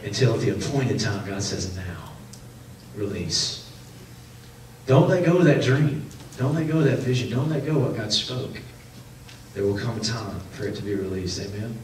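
A man preaching a sermon as pastor, animated, acting out the people in his stories and laughing often. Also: fairly low pitch, normal speed, long pauses, far from the mic. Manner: animated, acts out quoted voices, laughs often. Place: church sanctuary. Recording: echoey hall, preacher off-mic, faint noise.

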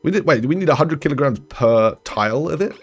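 A man's voice: animated, fast talker, muffled recording, faint music behind. Chatty young man streaming a game. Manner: chatty, rambling, self-correcting, trails off low. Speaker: gaming streamer. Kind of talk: casual let's-play commentary.

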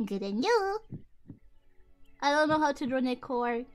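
Bubbly high-voiced female VTuber. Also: sing-song, normal speed, soft background music. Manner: giggly, exuberant and playfully crude. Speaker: VTuber streamer. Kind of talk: casual livestream chat with viewers.

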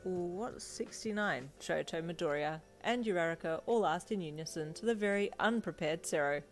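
Brief: a woman with a lowish voice reading her fan story aloud. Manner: casual, chatty sign-off. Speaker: fanfiction reader and writer. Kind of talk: narrating a second-person story.

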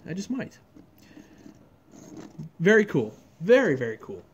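A man's voice: a little high, sing-song, measured pace, highs cut off, a little hiss or hum. A man casually reviewing a farm toy model, chatty and enthusiastic, rambling and correcting himself as he goes. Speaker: scale model reviewer, channel host.

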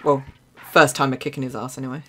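A young woman with an Essex accent streams herself playing a game, keeping up a loose, chatty running commentary. She reacts quickly with sudden exclamations and laughs in between her remarks. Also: very deep voice, flat delivery, bright, forceful tone, a little hiss or hum. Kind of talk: live gameplay commentary.

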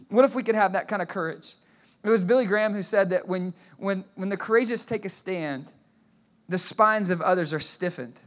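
Male pastor, sermon delivery, high bright voice, animated storyteller with frequent restarts. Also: fairly quick. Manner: asks the congregation to repeat phrases.

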